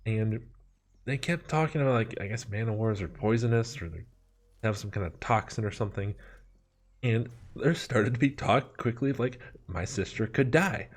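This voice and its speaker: A man telling a comedic personal story, animated and self-mocking, with dramatic asides. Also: fairly low pitch, normal speed.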